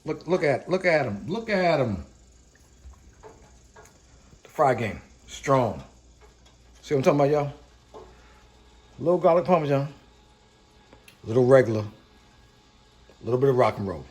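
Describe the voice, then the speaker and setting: A man with a medium-pitched, slightly mellow voice hosts a casual cooking vlog from his home kitchen, speaking at a measured pace with lively intonation and long pauses. He's hyped and chatty, repeats his catchphrases and calls his viewers cooks. The room is echoey.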